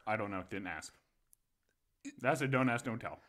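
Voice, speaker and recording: Young male podcast co-host: lively, bright voice, crude and animated storyteller. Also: on the low side, moderate pace. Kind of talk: casual storytelling chat.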